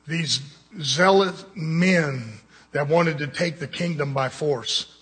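A man's voice: fairly high pitch, slow pace, a bit bright, breathy edge, in a large hall. A man preaching a sermon, with blunt, conversational jabs at his congregation.

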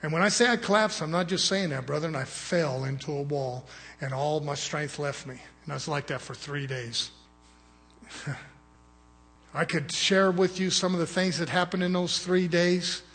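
Preacher guy telling a story, kinda husky, high voice, big echo. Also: normal speed. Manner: animated storytelling, rising to loud emphatic bursts. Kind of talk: sermon. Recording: long hall reverb.

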